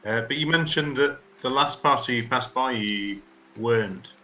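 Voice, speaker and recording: A man playing a tabletop game who talks casually and stumbles over repeated words. His voice is very bright and sharp, heard from a distance in an echoey room with faint noise. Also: medium pitch, normal speed. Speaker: player.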